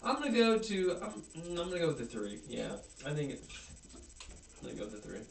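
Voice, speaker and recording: A man's voice: fairly high pitch, very animated, quick pace, vocal fry, reverberant, recorded from a distance, a little hiss or hum. A man co-hosting a casual beer podcast, mostly short agreeing replies and jokes. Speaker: podcast co-host. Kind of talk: casual beer-tasting chat.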